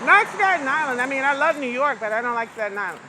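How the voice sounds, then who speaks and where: A woman vlogs out on a city street in a candid, sassy storytime, calling people "honey" and "baby." Her voice sits fairly high. She talks into a handheld phone, and traffic and street noise stay clear under her voice throughout. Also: rapid-fire. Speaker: vlogger. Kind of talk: casual storytime vlog.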